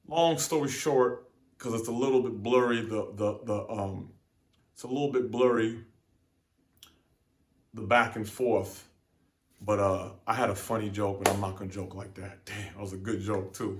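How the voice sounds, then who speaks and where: Young male host, low-pitched, casual cursing storyteller in an echoey room. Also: normal speed. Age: young adult. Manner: profane, slangy, animated retelling with quoted exchanges. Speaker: podcast host.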